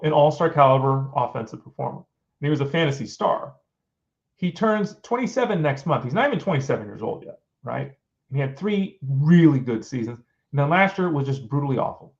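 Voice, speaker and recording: Middle-aged male sports show host, fairly high voice, exasperated and rhetorical, muffled lo-fi recording. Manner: exasperated, fires off rhetorical questions. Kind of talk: casual opinionated commentary. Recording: dull lo-fi sound.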